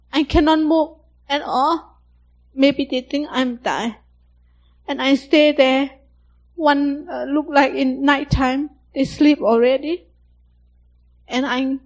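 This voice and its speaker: Young woman, slow halting testimony, simple English. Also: high voice, darkish tone, dull audio. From Thailand. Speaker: survivor giving testimony. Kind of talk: personal testimony.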